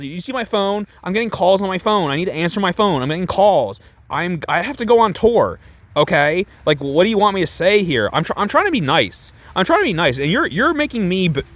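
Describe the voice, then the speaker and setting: A man's voice: fairly bright tone, no echo, full character voice. A man doing a mocking impression of a whiny young man who keeps swearing and snapping during a fight. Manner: shrill, exasperated, swearing.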